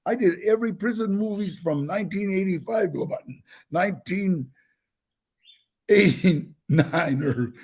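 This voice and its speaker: An older man telling his own life stories in a casual interview, animated, with many restarts and acted-out quotes. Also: high-pitched, measured pace, husky. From United States.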